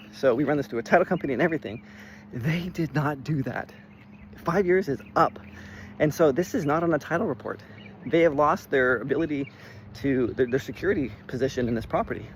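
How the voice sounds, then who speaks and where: A man, a real estate investor, telling a story in a casual vlog, animated and swearing freely. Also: mid-range voice, fairly quick, slight background noise. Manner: animated, swears when worked up, lots of "like".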